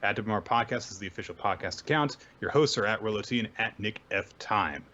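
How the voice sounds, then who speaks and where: A man hosting a podcast, casually recapping comics with animated storytelling. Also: on the low side, fast, dull audio. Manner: animated storytelling, often acting out quotes. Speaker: podcast host.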